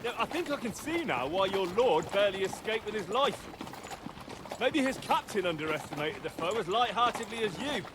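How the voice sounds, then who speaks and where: A man's voice: high-pitched, lively intonation, normal speed, background noise. An actor playing a brash, foul-mouthed medieval nobleman in a game. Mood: gruff. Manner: coarse, swearing. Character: brash medieval male nobleman, coarse and boastful.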